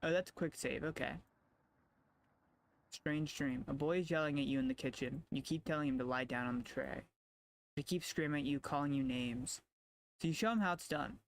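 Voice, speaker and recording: A man live-streaming a story game, reading its text aloud with a slightly raised pitch. He drops quick asides between the lines of text. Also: slight background noise.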